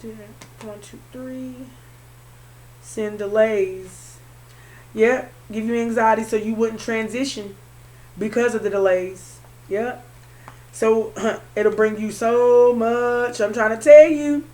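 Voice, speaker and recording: A woman's voice: fairly high pitch, fairly even intonation, takes it slowly, a little mellow. A woman doing a tarot card reading for her viewers, calling the listener honey and repeating her phrases. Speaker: tarot reader.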